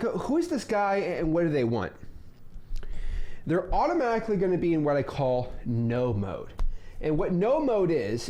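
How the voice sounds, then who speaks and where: A young man teaching a casual course on real estate wholesaling, joking and rambling into asides, with sudden loud bursts. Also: fairly high pitch.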